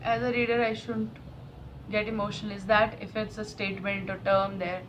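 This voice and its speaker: A woman's voice: medium pitch, level tone, moderate pace, noisy background. A woman giving an emotional, repetitive tarot reading to camera. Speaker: tarot reader.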